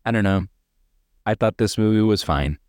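A deep-voiced man talks through a film review in a loose, rambling way, full of sarcastic asides. His voice is smooth and clean, and the recording is dry, with no room sound. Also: moderate pace, a little mellow, no room sound. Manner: rambling, sarcastic, mimics characters in mocking voices. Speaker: podcast co-host. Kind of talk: casual movie review chat.

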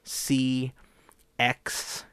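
A man's voice: medium pitch, monotone, drawn-out words, fairly bright tone, clear, resonant tone, no room sound. A male podcast host chatting casually, his speech slightly slurred by a new dental retainer, struggling with S sounds and a faint hiss, rambling with lots of "like" and restarts. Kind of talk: casual chat.

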